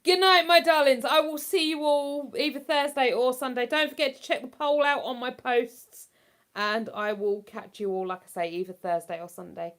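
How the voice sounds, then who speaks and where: Livestreaming casually from home, a woman with a voice on the high side chats at normal speed. Her talk rambles, and laughter comes to her easily.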